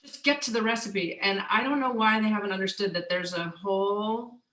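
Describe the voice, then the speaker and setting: A woman's voice: mid-range voice, brisk, fairly bright tone, echoey room, rough recording. A woman chef and author talking casually as a guest, joking, laughing often and trailing off into restarts. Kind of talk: casual conversation on stage.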